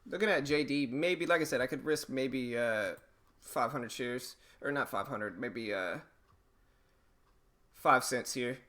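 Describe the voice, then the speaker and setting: A man hosting a live day-trading stream, thinking aloud in a relaxed, halting way, his voice a bit hoarse. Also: medium pitch. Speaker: stream host, day trader.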